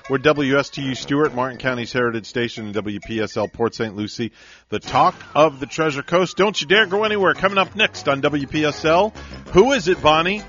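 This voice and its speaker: A man's voice: a little high, expressive, a bit bright, soft background music. Upbeat male radio host, lo-fi sound. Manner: upbeat, quick to laugh. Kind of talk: casual radio chat. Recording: muffled broadcast audio.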